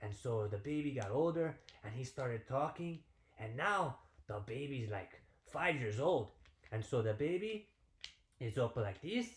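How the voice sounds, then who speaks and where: Animated man telling a kids' story. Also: medium pitch, a little slow, reverberant. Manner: animated, sing-song. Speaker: PE teacher. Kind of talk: storytelling for young children. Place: home.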